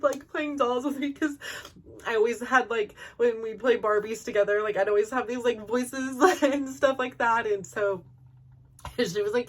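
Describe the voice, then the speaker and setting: A woman's voice: a little high, moderate pace. A woman in her forties, a podcast host telling a personal story in a rambling way, full of fillers and laughing through tears at times. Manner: rambling, full of likes and you-knows.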